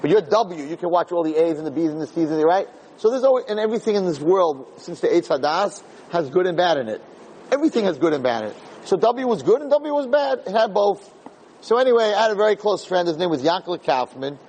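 A man in his sixties, a rabbi, telling a self-deprecating childhood story in a lively lecture, often repeating phrases. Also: high voice, quick pace, husky, rough recording. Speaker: rabbi giving a Torah talk.

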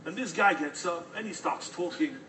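A man telling a story in an animated, dramatic storytelling manner. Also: fairly high pitch, normal speed, distant mic, a little hiss or hum, poor audio. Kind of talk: oral storytelling.

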